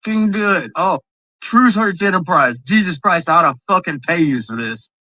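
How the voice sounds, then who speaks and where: A man with a high, bright, cutting voice tears into a rival as he reacts to a video. His talk is boastful and profane, and the sound is dry and close with almost no room around it. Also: expressive, normal speed, dry recording, poor audio. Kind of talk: heated reaction commentary.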